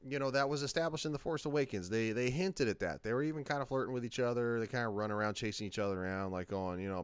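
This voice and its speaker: A man's voice: medium pitch, clear, resonant tone, no echo. A man hosts his own reaction video, talking casually and rambling. He stumbles through frequent fillers and restarts, and his voice sits in the middle of the usual male range. The recording is dry, with little room sound. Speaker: channel host.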